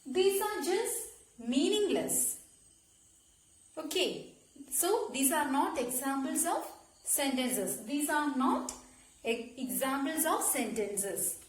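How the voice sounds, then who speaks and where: A woman teacher explaining a grammar lesson slowly, repeating key words and checking with "okay?". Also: sits high, expressive, reverberant. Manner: slow, repetitive explaining with frequent "okay?" checks. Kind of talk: classroom lesson.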